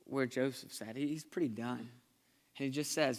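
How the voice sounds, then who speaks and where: A pastor preaching a sermon in a conversational, earnest way, shifting between lively and hushed delivery. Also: male voice, mid-range voice, moderate pace.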